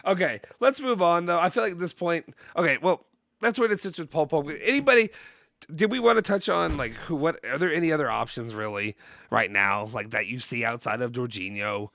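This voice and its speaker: A man's voice: on the high side, lively intonation, brisk, creaky, pushed and bright, no room sound, clean studio sound. A man from Kentucky co-hosting a casual football chat podcast from his home basement, rambling with lots of fillers and restarts, drifting into tangents. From Louisville, Kentucky. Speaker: podcast co-host.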